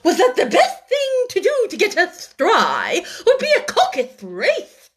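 A woman voicing a solemn dodo bird who speaks slowly in grand, long words. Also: extremely high pitch, wildly swooping pitch, pitched above the performer's own voice, heavily acted.

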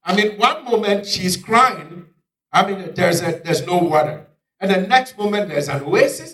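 Dramatic preacher with roomy echo. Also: male voice, sits high, lively intonation, measured pace. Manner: dramatic, swings from loud exclamations to near-whispers. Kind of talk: sermon. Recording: echoey room, picked up from far off.

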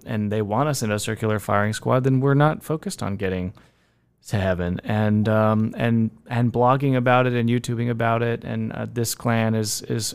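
A man's voice: on the low side, smooth. A man hosting a livestream panel, summing up the guests' points with wry asides. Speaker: host. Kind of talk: casual discussion on a livestream panel.

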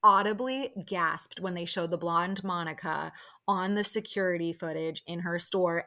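A young woman hosting a podcast, chatting excitedly about a show with lots of fillers and quick quoted reactions. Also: on the low side. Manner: chatty, excitable, lots of "like" fillers, quoting people in lively bursts. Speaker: podcast host. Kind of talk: casual solo recap chat.

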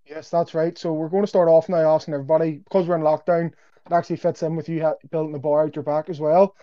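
A man's voice: fairly high pitch, little pitch movement, fast, dark tone. A man with a Northern Irish accent, co-hosting a casual podcast and asking guests questions in a joking way. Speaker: podcast co-host. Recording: dull lo-fi audio.

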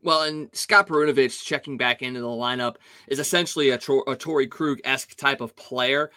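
A man co-hosting a sports podcast, giving animated, opinionated hockey analysis in casual talk. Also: mid-range voice, fairly quick, no echo. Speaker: podcast co-host.

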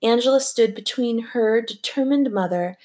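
A woman's voice: a little high, normal speed, a little mellow. Woman reading a story aloud. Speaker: audiobook narrator. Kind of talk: scripted narration.

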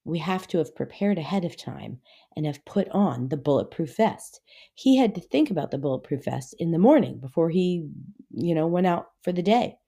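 Middle-aged woman on her faith podcast, low mellow voice, rambly and chatty, gets worked up telling stories. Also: normal speed, husky. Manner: chatty storytelling, lots of "like" and "anyway"; grows animated and high-pitched when retelling. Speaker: Christian podcast host. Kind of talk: devotional podcast talk.

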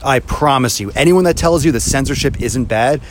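A man's voice: mid-range voice, normal speed, a little hiss or hum. Man in a profane, heated rant. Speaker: social media creator. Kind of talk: angry ranting vlog.

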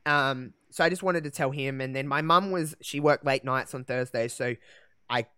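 A young man talks through a deeply personal story on a podcast, candid and emotional, pausing on fillers and restarts. His voice sits at an everyday pitch, recorded close and dry with no room sound around it. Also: bright, forceful tone, clean tone, no echo. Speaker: podcast host.

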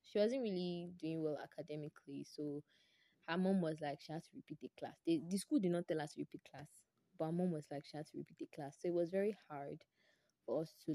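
A young woman with a Nigerian English accent tells a story from her own life on her podcast. Her voice sits low and has a mellow, soft tone. She is lively and exclamatory, and the sound is close and dry. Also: fairly quick, no echo. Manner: animated, exclamatory, repeats herself for emphasis. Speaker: podcast host.

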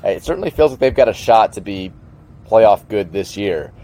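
A man's voice: on the low side, lively intonation, moderate pace, mellow. A man co-hosting a casual sports podcast, easygoing and teasing his friend. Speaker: podcast co-host.

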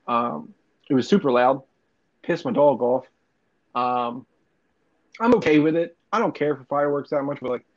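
A young man telling profane, rambling stories in casual podcast chat. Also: medium pitch. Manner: rambling, profane storytelling with laughs. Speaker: podcast co-host. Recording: dull lo-fi recording.

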